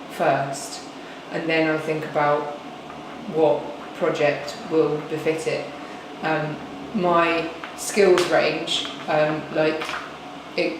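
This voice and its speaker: A former design student chats casually in an interview, rambling a little and leaning on fillers. The voice rings in a very reverberant room. A steady air-conditioning hum sits clearly underneath. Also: medium pitch. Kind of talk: interview answer. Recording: very echoey room with background hum.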